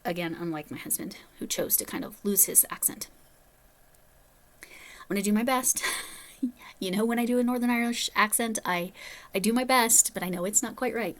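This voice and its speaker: A woman's voice: mid-range voice, normal speed, pauses often. A woman vlogging about crochet, telling a story in a chatty way with rambling, self-deprecating asides. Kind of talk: casual storytelling.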